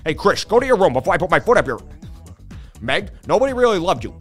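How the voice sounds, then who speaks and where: A man doing a loud goofy cartoon dad. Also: sits high, sing-song, fast talker, breathy edge, soft background music, pitched above the performer's own voice, full character voice.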